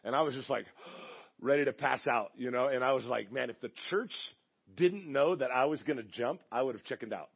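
A man's voice: medium pitch, brisk, gravelly, breathy edge, muffled recording. A man preaching a sermon as pastor, telling a story in a chatty, joking way with acted-out voices. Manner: chatty, jokey, acts out quoted voices.

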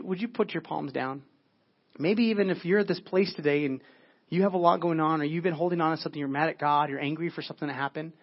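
A man preaching a sermon at a church service in an earnest way, often dropping to a hushed, prayerful tone. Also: a little high, muffled recording. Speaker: pastor.

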